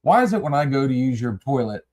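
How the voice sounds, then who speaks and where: A man's voice: medium pitch, sing-song, fast talker, a little mellow. A man hosting a casual podcast chat, rambling and repeating words as he addresses his listeners. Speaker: podcast host.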